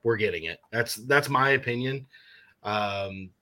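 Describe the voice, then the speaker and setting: A man's voice: mid-range voice, measured pace, sharp tone. A man in casual sports chat, blunt and swearing freely.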